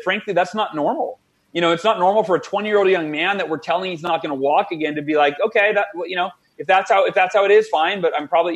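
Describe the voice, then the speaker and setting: A man in his forties tells a personal story as a podcast guest, moving fast and eagerly. His voice sits a little high for a man. He slips quoted voices into his account as he goes. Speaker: guest author. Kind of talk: storytelling interview.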